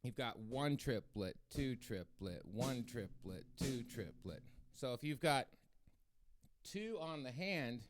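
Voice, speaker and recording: With music playing in the background, a man hosts his drum practice stream and rambles to viewers, often using fillers and restarting. His pitch is medium and he talks a little slowly.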